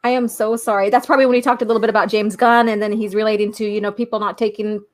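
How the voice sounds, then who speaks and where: A woman's voice: medium pitch, level tone, racing. A woman co-hosting a live-stream podcast over a video call, chatting and reading out viewer messages with gushing asides. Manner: chatty, gushing, with frequent fillers. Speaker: podcast co-host.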